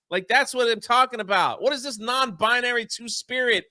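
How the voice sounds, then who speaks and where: A man's voice: very high voice, fairly quick, few pauses, bright, forceful tone, no echo. A man co-hosting a casual commentary chat, ranting in an exasperated way. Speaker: co-host.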